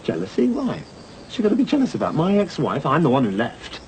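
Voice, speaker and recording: A man's voice: fairly high pitch, huge pitch swings, fairly quick, darkish tone, slight background noise. An exasperated, defensive father. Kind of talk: 1990s TV soap acting.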